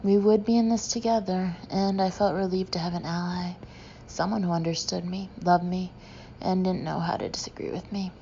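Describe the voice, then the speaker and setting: A woman narrating a humorous memoir audiobook with a dry, deadpan delivery. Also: fairly low pitch, moderate pace, muffled recording, slight background noise.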